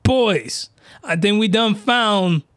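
A man hosting a podcast, delivering an excitable, slangy, rambling comedic rant full of mockery. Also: high voice, slow pace, clean tone, dry recording, clean studio sound. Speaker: podcast host reviewing anime.

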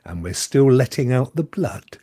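A man's voice: medium pitch, very animated, normal speed, warm tone, breathy edge. An English man hosting a casual live stream, joking, laughing often and greeting viewers. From England. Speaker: livestream host.

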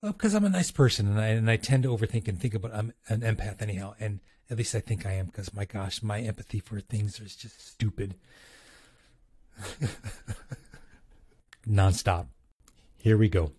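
A man's voice: lowish voice, normal speed, pauses often, darkish tone, slightly rough, no room sound, clean studio sound. A man hosting a casual vlog, talking through his recorded audio clips, chuckling often and restarting sentences. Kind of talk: casual chatty commentary.

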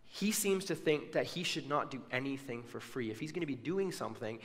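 A man's voice: medium pitch, animated, a little fast, long reverb tail. A man preaching a sermon, telling a story and acting out the people's words with casual asides. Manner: storytelling with acted-out quotes and asides.

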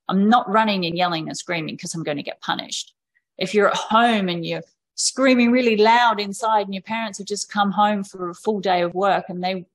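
A woman with a medium-pitched voice is a guest on a podcast, telling stories in a candid, conversational way. She is frank and casual, often acting out the quoted voices of parents and children.

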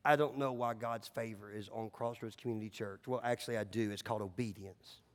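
A man preaching a sermon as pastor, talking casually with fillers and swinging between loud, emphatic runs and hushed, low drops. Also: fairly even intonation, brisk, long reverb tail.

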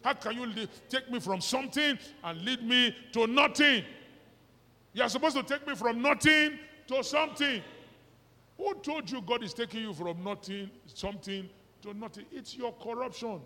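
Nigerian pastor preaching in a reverberant hall. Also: male voice, extremely high pitch, moderate pace. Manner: animated preaching mixing pidgin and English, rhetorical questions to congregation. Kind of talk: sermon. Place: church hall. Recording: reverberant church hall recording.

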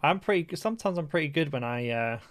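A man co-hosting a podcast, chatting in a relaxed way and thinking aloud. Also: a little high, quick pace, dry recording, clean studio sound. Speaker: podcast co-host. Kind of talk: casual chat.

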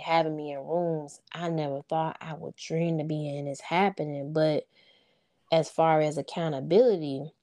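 Heartfelt mom as interview guest, low and mellow, chatty and informal, keeps saying "you know what I'm saying.". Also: female voice. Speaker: interview guest, single mother of sons. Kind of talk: casual heartfelt interview chat.

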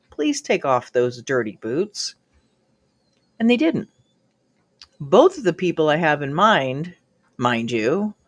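A woman's voice: sits low, no room sound. A middle-aged woman hosting an advice podcast, telling a personal story and acting out what people said. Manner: animated, acts out quoted voices. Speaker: podcast host.

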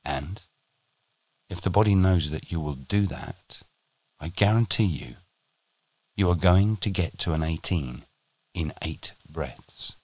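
A man teaching on a podcast, speaking in a measured, deliberate way and slowing down for emphasis. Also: low-pitched, darkish tone. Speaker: meditation teacher.

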